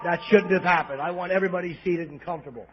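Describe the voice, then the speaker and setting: Brash high-voiced man doing stand-up. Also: rapid-fire, crowd noise. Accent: New York. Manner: crude, self-deprecating, brash. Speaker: stand-up comedian. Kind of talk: stand-up set. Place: live club theater. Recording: muffled bootleg audience tape.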